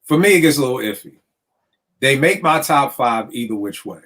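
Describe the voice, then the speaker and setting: A man's voice: mid-range voice, expressive, fairly quick, a bit bright. A man hosting a casual podcast discussion, talking in a loose, chatty way. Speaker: podcast host. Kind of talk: casual chat.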